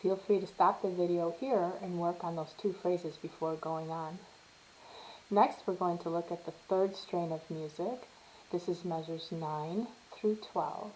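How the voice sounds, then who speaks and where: A woman's voice: on the low side, steady tone, unhurried, slight background noise, poor audio. A woman teaching a step-by-step piano lesson, patiently explaining and counting beats aloud while she plays. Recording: soft piano playing behind her.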